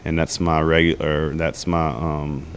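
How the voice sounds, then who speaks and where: A man's voice: very deep voice, flat delivery, measured pace, a little hiss or hum. A middle-aged man, a guest in a casual chat, telling easygoing anecdotes with laughs.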